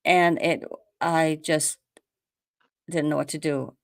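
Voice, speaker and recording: A woman from the United States hosting a show, telling a story in a lively casual way, acting out quotes with many restarts. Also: low-pitched, slow, gravelly, dry recording, studio quality. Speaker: host.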